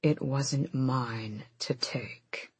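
A woman's voice: slow pace, breathy edge, no echo, full character voice. A woman doing a grim, terse male warrior. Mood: hard. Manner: low, flat and terse.

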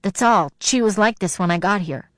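A woman's voice: medium pitch, moderate pace, dry recording, studio quality, natural voice. Woman voicing a nervous teenage boy. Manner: nervous, stammering. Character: frightened teenage boy, defensive.

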